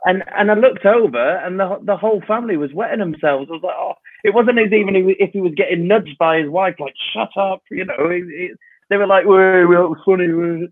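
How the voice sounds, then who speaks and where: Animated man over a tinny line. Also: high-pitched, quick pace, no echo. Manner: animated, acts out shouts and quotes. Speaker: guest clown. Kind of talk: casual anecdote. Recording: dry tinny phone-like line.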